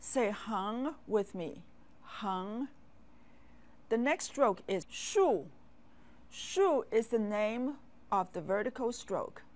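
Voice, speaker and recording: A woman teaching a language lesson, speaking with patient, clear classroom delivery and asking learners to repeat after her. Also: a little high, expressive, slow, a little mellow. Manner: patient, drills words and asks learners to repeat. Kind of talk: slow, clear classroom instruction.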